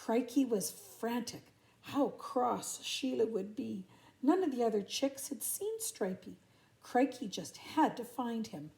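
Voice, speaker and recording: Older grandma reading a storybook. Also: female voice, fairly high pitch, lively intonation, takes it slowly, gravelly, darkish tone. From Canada. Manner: chatty asides to children. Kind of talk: reading a picture book aloud.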